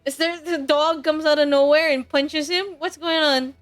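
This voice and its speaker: Excitable young woman streaming a game, high voice, laughs a lot, soft music under it. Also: moderate pace. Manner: excitable, laughing often, reads narration aloud. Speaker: streamer playing a dating game. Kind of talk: reading a game aloud and reacting.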